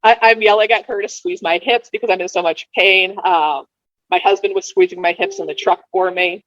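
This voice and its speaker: A woman in her thirties, a podcast guest telling her birth story casually, with lively delivery and quick repeated words. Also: on the low side, no room sound. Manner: animated, repeats words when rushing, acts out quoted dialogue. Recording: dull lo-fi dry sound.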